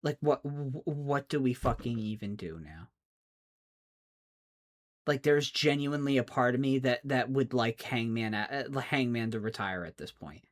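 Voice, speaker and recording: A man's voice: mid-range voice, measured pace. A man, a streamer, in an exasperated, profane rant, often stammering and restarting his words. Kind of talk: angry rant.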